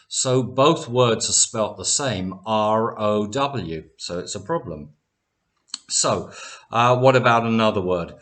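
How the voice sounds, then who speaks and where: A man gives an online English lesson in a fairly low voice. He speaks very slowly and deliberately and repeats each example word so the learner can catch the difference. His manner is patient and clear. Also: fairly bright tone. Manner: slow, careful explanations with repeated example words. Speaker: English teacher.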